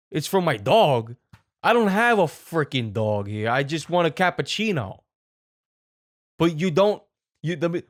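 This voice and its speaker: A man voicing an impatient, angry Italian man ranting at a coffee shop counter, with a put-on Italian accent. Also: fairly high pitch. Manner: exasperated, ranting.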